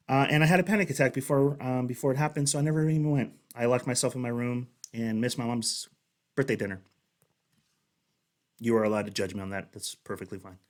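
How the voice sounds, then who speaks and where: A man's voice: medium pitch, normal speed. A young man hosting a reaction video, telling his own stories in a rambling, chatty way. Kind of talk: casual commentary.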